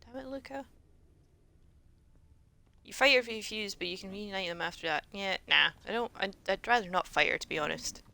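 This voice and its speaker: A woman's voice: mid-range voice, normal speed, vocal fry, pauses often, pushed and bright. Sarcastic, swearing woman streamer. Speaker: game streamer. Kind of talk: casual gameplay commentary.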